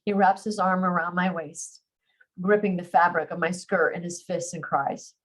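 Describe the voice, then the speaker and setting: A woman who writes romance, reading her own novel aloud in first person with expressive emotion and a chatty sign-off. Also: on the low side, low-quality recording. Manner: expressive, emotional, slows on heavy lines.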